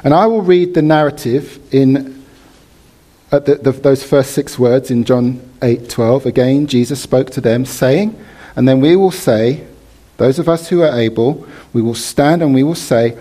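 A man preaching a sermon in church, animated, leading the congregation in reading and response. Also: mid-range voice, a little slow.

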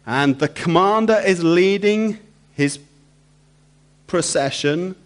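A man's voice: high voice, takes it slowly. A man preaching a sermon, emphatic and repetitive, throwing rhetorical questions to the congregation.

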